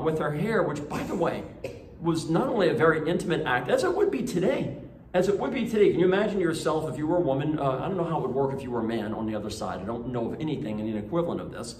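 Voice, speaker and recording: A man's voice: fairly high pitch, a little hiss or hum. A man, a Catholic priest, reading the Gospel and giving a homily at daily Mass in a conversational way, with many fillers and restarts. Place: church. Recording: echoey church from a distant mic.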